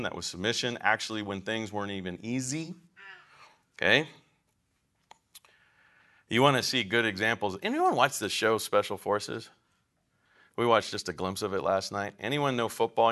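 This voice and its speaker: Male counseling teacher, lower register with a bright edge. Emphatic, chatty classroom lecture. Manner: emphatic, conversational, asks the class questions.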